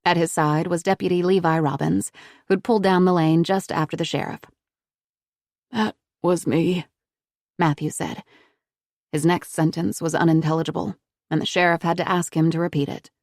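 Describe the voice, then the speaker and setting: A woman narrating a thriller audiobook in a measured, even storytelling manner. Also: lowish voice, no echo, studio quality.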